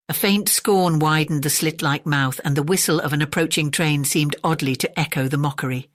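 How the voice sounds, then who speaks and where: A calm, measured narrator reading a classic detective story as a bedtime audiobook. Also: mid-range voice, no echo, clean studio sound.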